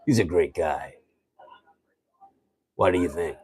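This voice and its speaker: A man doing a low, drawling host impression. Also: expressive, slow pace, a little mellow, slightly rough, dry recording, clean studio sound, exaggerated voice. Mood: mock-casual. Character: impression of a laid-back male online host.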